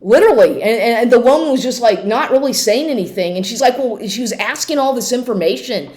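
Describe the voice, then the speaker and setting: A woman's voice: on the high side, animated, a little fast, a little mellow. A woman telling an angry personal story as a vlogger, profane and agitated, rambling with many restarts.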